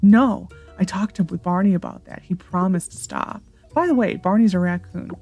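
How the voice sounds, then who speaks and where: A woman's voice: lowish voice, expressive, normal speed, few pauses, darkish tone, faint music behind. A woman hosting a gaming channel, chatting casually and thinking aloud as she plays. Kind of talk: casual let's-play commentary.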